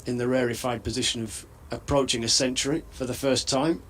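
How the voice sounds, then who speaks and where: Man, mid pitch, cricket co-commentary, measured and thoughtful, faint background hiss. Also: steady tone. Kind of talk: live cricket analysis.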